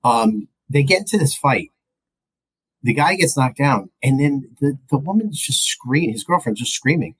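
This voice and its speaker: Male podcast co-host, husky, animated and rambling in film talk. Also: medium pitch, normal speed, low-quality recording. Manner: rambling, animated, mimics movie lines. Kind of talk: casual film review chat.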